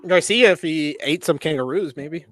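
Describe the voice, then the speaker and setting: Male co-host, chatty storyteller, slightly higher pitch, dry close mic. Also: normal speed, a bit bright, no echo. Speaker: co-host of wrestling review show. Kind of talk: casual podcast chat.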